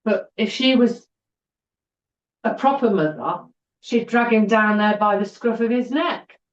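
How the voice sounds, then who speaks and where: A woman's voice: mid-range voice, unhurried. Woman, earnest, in a roomy room. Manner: earnest, repeats words for emphasis. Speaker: podcast guest. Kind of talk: personal storytelling interview. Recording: roomy, dull-sounding recording.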